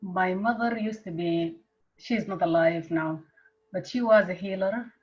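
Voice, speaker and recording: A woman's voice: fairly low pitch, unhurried. A woman from Sudan with a Sudanese accent, introducing herself earnestly on a video call, with frequent uhs. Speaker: team member on a group call. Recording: dull lo-fi call audio.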